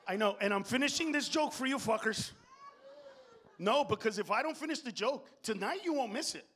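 Middle-aged comic man ranting, high voice, swears a ton, goes from muttering to yelling. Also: a little fast. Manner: profane, animated, swings from mutters to shouts. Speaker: stand-up comedian. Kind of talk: stand-up comedy.

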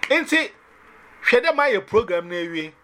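A man sharing a personal faith testimony, telling it in an animated way and dropping in English phrases. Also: high-pitched, unhurried, a little hiss or hum.

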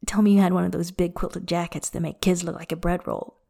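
Soft-spoken, teasing young male lover , read by a woman narrator, quiet and low. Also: level tone, brisk, vocal fry. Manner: soft, half-whispered and teasing. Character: young man, playful and tender lover.

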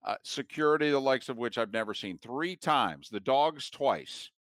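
A man's voice: medium pitch, animated, moderate pace, a bit bright, no echo, clean studio sound. A man chatting casually, giving brief, agreeable replies. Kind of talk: casual chat.

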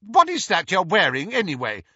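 A man reading an audiobook, voicing a shrill, spiteful, jealous girl in a loud, high voice. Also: wildly swooping pitch, moderate pace, breathy edge, no echo, full character voice. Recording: slightly dull, dry recording.

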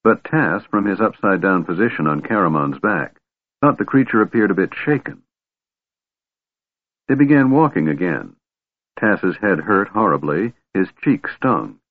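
A man narrates a fantasy novel in a steady, measured audiobook reading. His voice sits very low and husky. The recording is dry and thin, like a telephone line. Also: no echo. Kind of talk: scripted narration. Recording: tinny phone-like band, dry.

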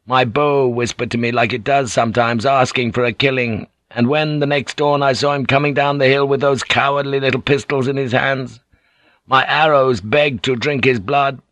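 A male reader voicing a proud, brooding samurai husband who speaks in a stern, measured way. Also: medium pitch, steady tone, fairly bright tone, dry recording, pitched above the performer's own voice, lightly acted.

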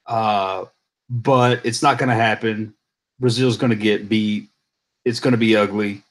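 A man's voice: fairly low pitch, steady tone, a little slow. A man chatting on a podcast, blunt, dismissive and profane. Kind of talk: casual boxing chat.

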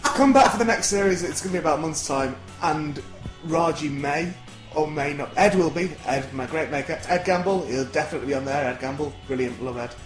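A man's voice: fairly high pitch, fairly quick, echoey room, over music. A man hosting a comedy podcast, teasing his co-host, swearing and laughing often. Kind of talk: jokey banter podcast.

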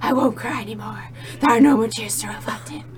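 A woman's voice: high-pitched, normal speed, pushed and bright, faint music behind. A woman voicing a lovesick, melodramatic green witch in an overwrought comic reading of fan fiction. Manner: overwrought mock-dramatic reading.

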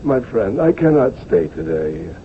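Radio drama: a chuckling old ex-cavalry postmaster, voice leaping high and low, tinny old broadcast with hiss. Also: male voice, measured pace. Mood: hearty. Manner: hearty, chuckling, lively swoops. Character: jovial nostalgic old male postmaster, ex-cavalryman. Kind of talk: 1970s radio drama acting.

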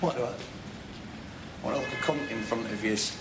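A man's voice: mid-range voice, moderate pace, heavy background noise, natural voice. An actor playing a distraught young man, raw and tearful, confronting a friend who betrayed him. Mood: bitter hurt. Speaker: film character. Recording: echoey film audio with ambience.

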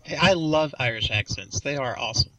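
A man's voice: mid-range voice, lively intonation, fairly quick, sharp tone, poor audio. A man hosting a podcast, chatting casually and joking around. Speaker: podcast host. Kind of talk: casual chat.

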